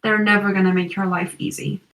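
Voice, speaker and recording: A woman's voice: medium pitch, takes it slowly, fairly bright tone, roomy sound, distant mic, low-quality recording. Woman doing a smug tempting villain. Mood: persuasive. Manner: smooth, persuasive, condescending. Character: scheming male wizard villain tempting a hero.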